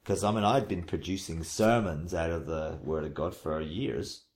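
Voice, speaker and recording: A man with a somewhat low voice speaks earnestly about his faith in an interview. He is unhurried and often restarts or repeats a phrase. When he quotes scripture he slows and weighs each word. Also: fairly even intonation, a little mellow, a little hiss or hum. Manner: slow, emphatic recitation when quoting scripture. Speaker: preacher. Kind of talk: reflective interview testimony.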